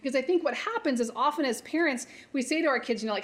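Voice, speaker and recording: A woman's voice: sits high, expressive, quick pace. A woman therapist leading a parent workshop, coaching in a conversational way and often checking in with "right?". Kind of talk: live workshop talk.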